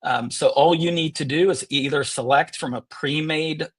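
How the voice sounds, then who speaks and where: A man hosting a live webinar and demoing software. He is upbeat and joking, with sarcastic asides. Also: on the high side, moderate pace, husky. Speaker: webinar host and software presenter. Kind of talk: live webinar product demo. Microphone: earpiece in one ear.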